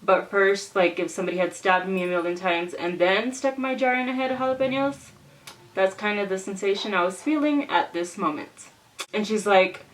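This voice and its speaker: Young woman, casual storytime vlogger, lively and exclaiming, mic a little distant. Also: mid-range voice, brisk. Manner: animated, exclaiming, acts out quotes.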